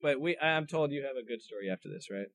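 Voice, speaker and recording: A man's voice: medium pitch, expressive, fast talker, fairly bright tone. A man co-hosting a casual comedy podcast, reading out odd news stories and stumbling over his notes.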